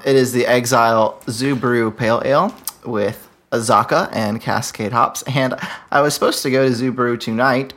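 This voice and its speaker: A man's voice: medium pitch, fairly bright tone. A man co-hosting a casual podcast, playful and giggly while he talks about his beer. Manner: playful, giggly, drifts into a mock French voice. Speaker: podcast co-host. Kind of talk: casual banter.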